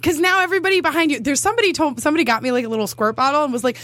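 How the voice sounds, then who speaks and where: A woman's voice: sits high, very fast, very noisy. A woman co-hosting a radio show, telling a story in casual chat, laughing often and acting out the people she quotes. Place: radio studio. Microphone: studio mic.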